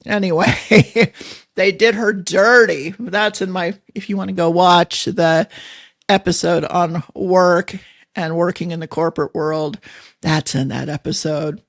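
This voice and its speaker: Middle-aged lady podcaster, slow folksy rambling chat, gravelly, dry close sound. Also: fairly low pitch, fairly even intonation, no echo. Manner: chatty, laughs often, folksy. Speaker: podcast host. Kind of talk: casual rambling monologue.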